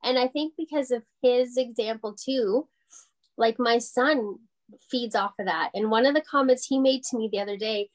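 Mom shop owner, 40s, rambly w lots of likes and laughs, kinda high pitched. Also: female voice, moderate pace. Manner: chatty, heavy on fillers like "you know", laughs often. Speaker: boutique owner guest. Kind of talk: casual interview chat.

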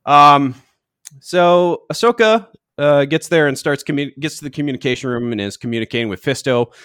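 A man's voice: on the high side, normal speed, fairly bright tone, smooth, no echo, studio quality. A young man co-hosting a podcast, recapping an episode in a rambling, hedging, wry way. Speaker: podcast co-host.

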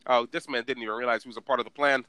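A young man chatting casually, telling animated stories in slang. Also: medium pitch, rapid-fire. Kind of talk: casual chat.

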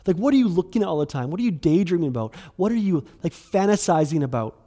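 A middle-aged pastor delivering a sermon as if chatting with friends. His voice sits a little high for a man, and he fills his speech with casual asides, quick bursts and restarts. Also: animated, mellow. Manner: conversational, filler-heavy, restarts, quick bursts.

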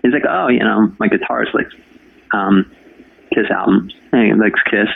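A man's voice: lowish voice, normal speed, creaky, slightly rough. A man in his forties, a radio host from New Jersey, telling a long story in a chatty way during an interview. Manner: chatty storyteller, talks to anybody. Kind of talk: casual interview. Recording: dry phone-line sound.

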